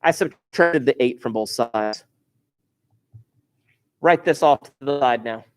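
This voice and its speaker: A man at a middle pitch talks a class through a math problem. He is chatty and informal. He repeats important phrases over and over so they stick. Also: slow pace, clean tone. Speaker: math teacher. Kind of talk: recorded classroom math lesson.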